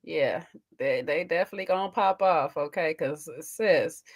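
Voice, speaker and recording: A woman's voice: low-pitched, moderate pace. A woman co-hosting a casual reality TV recap, chatting playfully and acting out what the cast members said. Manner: animated, acts out cast members' lines with laughter. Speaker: co-host.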